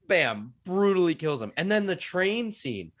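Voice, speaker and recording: A young man with a high, sing-song, fairly bright voice talks a little slowly. He co-hosts a podcast reviewing a TV show, rambling eagerly and leaning heavily on fillers like "like."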